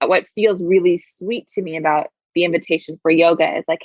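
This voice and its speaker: A woman's voice: lowish voice, steady tone, a little fast, darkish tone, no echo, muffled recording. A woman guest who teaches yoga, talking reflectively in an interview and often saying "like". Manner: reflective, thoughtful, says "like" a lot. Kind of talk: conversational interview.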